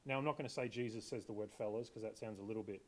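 A man's voice: lowish voice, racing. A man preaching a sermon in a conversational way, often asking his listeners questions. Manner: conversational, asks the congregation questions.

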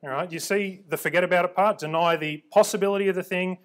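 A man's voice: high voice, fast, few pauses, fairly bright tone. A man preaching and teaching from the Bible, emphatic, repeating words for stress and checking in with his listeners.

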